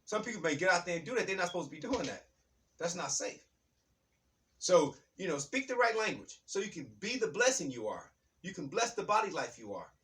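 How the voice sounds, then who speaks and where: A man giving an impassioned spiritual talk, fired up and preachy, repeating key lines and shouting words for emphasis. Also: high-pitched, far from the mic. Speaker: motivational speaker.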